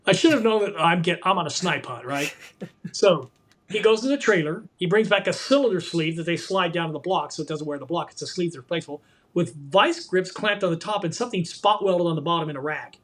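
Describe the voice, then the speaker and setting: A man in his sixties, a guest in a conversation, telling animated anecdotes and acting out the quotes. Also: sits high. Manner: animated, quick storyteller who acts out quotes.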